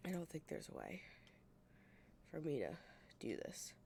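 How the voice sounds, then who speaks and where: A woman's voice: low-pitched, huge pitch swings, unhurried, vocal fry, mellow, slight background noise. A woman game streamer with a stuffy, congested nose from a sinus infection, chatting casually and profanely with her viewers on a desk mic at home.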